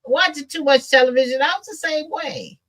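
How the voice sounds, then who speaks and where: Bright, animated woman host, laughs a lot, easy chat. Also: high-pitched, fairly quick, poor audio. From American Midwest. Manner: animated storyteller, laughs often. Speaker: sewing channel host. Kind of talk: casual chat.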